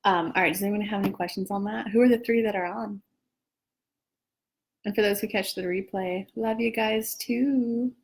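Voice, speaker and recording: A woman's voice: mid-range voice, steady tone, moderate pace, slight background noise. A woman who is a spiritual teacher, chatting casually and self-deprecatingly with viewers on a livestream from home.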